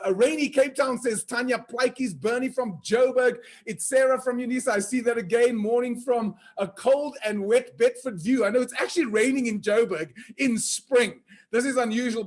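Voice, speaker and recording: A very high-pitched man hosts an online conference. He keeps the tone playful and upbeat, teases his audience and reels off the names of people checking in. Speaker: conference host. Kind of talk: energetic virtual event hosting.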